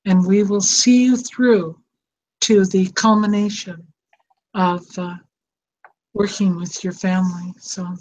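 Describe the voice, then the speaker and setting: An older woman, a psychotherapist hosting a show, speaks in a medium-pitched, slightly mellow voice. Her casual, heartfelt chat is emotional, tender and rambling, heard through dull lo-fi sound with faint noise.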